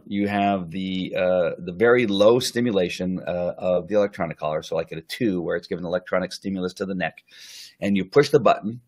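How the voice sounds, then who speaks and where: A man who trains dogs giving a casual, rambling live-stream lesson, full of fillers and restarts, sometimes acting out what the dog thinks. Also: low-pitched. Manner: acts out the dog's thoughts in quick asides.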